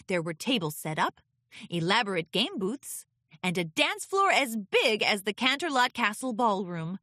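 A woman reading a children's storybook aloud with expressive, lilting narration. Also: fairly high pitch, no echo, clean studio sound. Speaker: audiobook reader.

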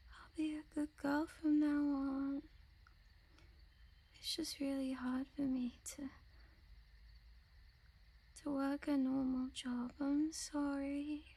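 Very high, slow, breathless pleading woman. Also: little pitch movement, warm tone. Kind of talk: erotic audio role-play.

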